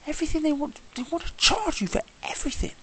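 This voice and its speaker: A man's voice: very high voice, expressive, fast talker, a bit bright. A man talking casually in a travel vlog, exasperated and swearing, often imitating the people he met. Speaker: traveller vlogger.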